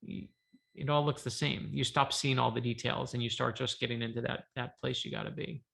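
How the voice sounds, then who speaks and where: A man, an author, telling a lively story on a video call from his home office, acting out the dialogue. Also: medium pitch, a little fast, vocal fry. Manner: lively anecdotal, acts out dialogue. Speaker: author guest. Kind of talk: animated storytelling.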